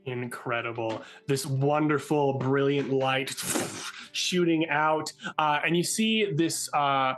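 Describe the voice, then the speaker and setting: A man narrating as game master for a tabletop game, excitable and halting, with many fillers. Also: mid-range voice, faint music behind.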